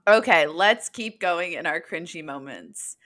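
A young adult woman co-hosting a casual podcast chat, animated and quick to laugh. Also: fairly low pitch. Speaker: podcast co-host.

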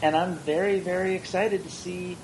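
A man co-hosting an esports podcast, chatting casually with quick, wry jokes. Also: sits high, fairly even intonation, a little mellow, slight background noise, rough recording.

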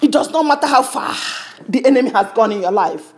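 A woman's voice: sits high, lively intonation, a little fast. A woman preaching a sermon, fervent, with lots of repetition.

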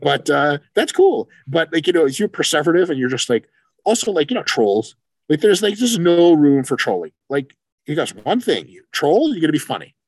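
A man co-hosting a casual podcast chat, animated and profane, acting out quoted exchanges as he talks. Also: fairly high pitch, brisk, no room sound. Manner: animated, swears freely, acts out quoted exchanges. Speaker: podcast co-host, coach.

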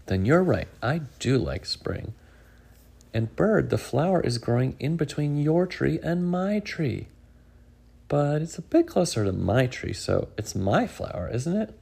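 A man's voice: a little slow, creaky, breathy edge, heavily acted. A man voicing an eager, possessive young male squirrel for a storybook, raised and bouncy. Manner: excited, high and bouncy.

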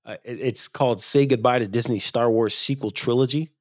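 A man's voice: medium pitch, a little fast, no echo, studio quality. A man hosting a casual podcast, opinionated and emphatic when he gets going. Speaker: podcast host.

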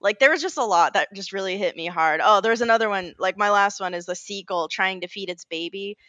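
A woman co-hosting a casual podcast, telling stories in an animated, rambling way, full of fillers and self-corrections. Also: medium pitch, brisk, no room sound. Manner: animated storytelling, often laughing. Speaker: podcast co-host. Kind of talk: casual chat.

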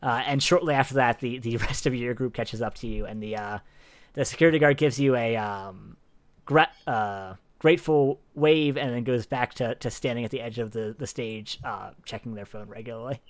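A man running a tabletop game as its game master. He narrates in stop-start bursts, restarting his sentences and padding them with fillers. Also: medium pitch. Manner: halting, lots of fillers and restarts.

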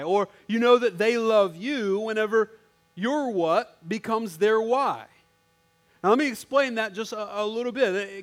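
High-voiced storytelling male pastor. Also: fairly bright tone. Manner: storytelling, conversational, acts out quotes. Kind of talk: sermon.

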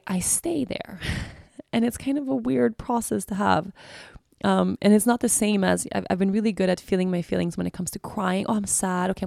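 A woman of medium pitch talks in a creaky, somewhat mellow voice. Hosting her podcast, she searches openly through her feelings in a personal monologue, full of restarts, loops back, and "you know". The studio sound is clean with no room sound.

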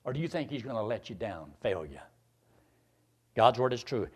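An older man preaching a sermon, climbing to loud emphatic peaks and then dropping low and quiet. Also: lively intonation, moderate pace, pauses often.

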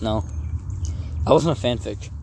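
A man's voice: medium pitch, normal speed, gravelly, a little mellow, slight background noise. A man co-hosting a casual chat, easygoing and rambling, who often chuckles and stops to restart his plans. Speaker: co-host.

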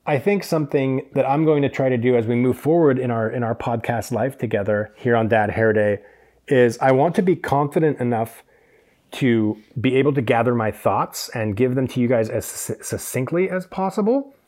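A man's voice: medium pitch, moderate pace, darkish tone. A man hosting a solo podcast, a hairdresser telling stories from the salon and drifting into tangents with many fillers.

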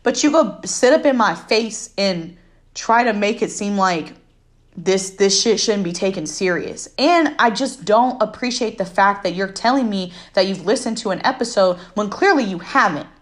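A woman's voice: mid-range voice, animated, normal speed. A young adult woman hosting a podcast, telling a story in a heated, profane, emphatic casual rant. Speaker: podcast host.

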